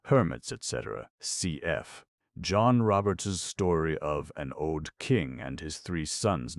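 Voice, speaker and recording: A man reading folk tales and scholarly notes for an audiobook, steady and plain. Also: very deep voice, vocal fry, no room sound, clean studio sound. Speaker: audiobook narrator.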